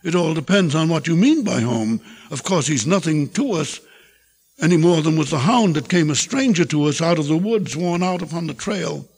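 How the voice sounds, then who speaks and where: Weary, tender farm wife, read by an older man: soft and pleading, raspy grain, reverberant lecture-hall tape. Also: fairly high pitch, animated, normal speed. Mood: gentle pleading. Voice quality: gravelly, husky voice.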